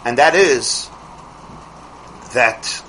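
A middle-aged man teaching a Torah class as a rabbi, asking rhetorical questions and restarting his phrases quickly. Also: mid-range voice, animated, pushed and bright, slight background noise, low-quality recording.

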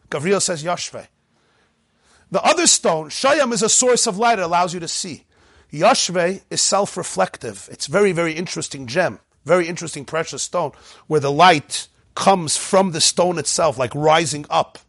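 A man teaching a lively Torah class, reading Hebrew passages and acting out dialogues in changing voices. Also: on the high side, no room sound, clean studio sound. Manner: mixes Hebrew text readings with English explanation.

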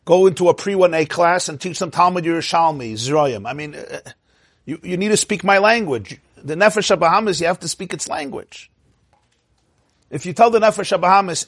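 Guy teaching a torah class, kinda husky, dry close sound, jokey and animated. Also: sits high, brisk, dry recording. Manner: animated, acts out inner voices, laughs at own jokes. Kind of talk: informal Torah lecture.

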